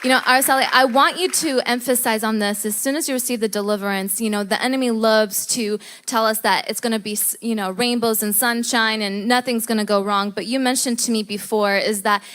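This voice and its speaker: A woman's voice: a little high, steady tone, brisk, hardly any pauses, a bit bright, some chatter behind. A woman interviewing a guest at church, emphatic and answering with repeated amens.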